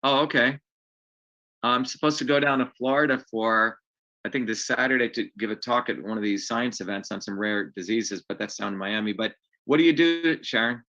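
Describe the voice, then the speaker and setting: A man's voice: medium pitch, normal speed, gravelly, sharp tone. Blunt, rambling man on a muffled stream. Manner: rambling, blunt and digressive, with frequent restarts. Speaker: host. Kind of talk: live online open house talk.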